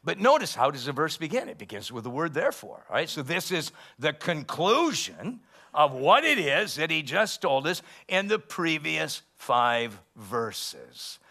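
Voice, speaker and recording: A male pastor preaching a sermon, rising loud and emphatic when he quotes scripture. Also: a little high, creaky.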